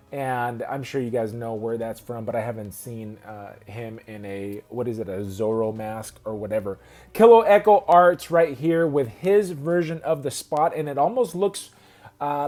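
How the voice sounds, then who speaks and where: A man's voice: mid-range voice, a little mellow. A man hosting a casual video about custom action figures, rambling and correcting himself as he goes. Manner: rambling, self-correcting, chatty.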